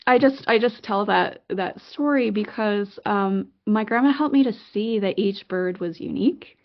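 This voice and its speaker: Brief: middle-aged woman, podcast guest, gravelly edge, animated storyteller, dull lo-fi audio. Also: medium pitch, moderate pace. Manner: animated, excitable storyteller with frequent fillers and restarts. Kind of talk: conversational storytelling.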